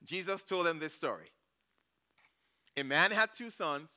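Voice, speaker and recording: A man's voice: on the high side, lively intonation, unhurried, sharp tone, clean tone. A man preaching as a church elder, retelling a Bible story in a chatty way and often checking in with his listeners. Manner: chatty, checks in with "okay?" and "you know". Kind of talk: conversational sermon with Bible retelling.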